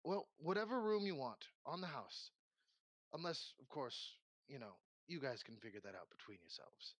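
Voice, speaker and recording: A man's voice: on the high side, lively intonation, moderate pace, a bit bright, no echo. A man doing a bustling, bossy innkeeper woman. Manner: bustling, commanding.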